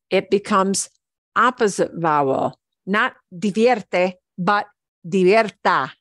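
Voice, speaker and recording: A woman teaching a beginner Spanish class, explaining commands in English and repeating each Spanish word slowly and patiently. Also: medium pitch, no echo. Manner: switches between English explanation and Spanish examples. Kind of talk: online language lesson.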